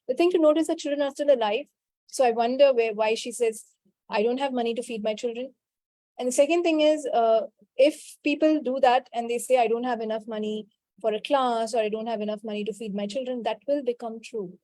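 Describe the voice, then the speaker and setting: A woman leads a spiritual coaching call, answering participants and repeating a quick clearing chant. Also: on the high side, no echo. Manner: answers participants' questions directly, scolding gently. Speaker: healing call facilitator.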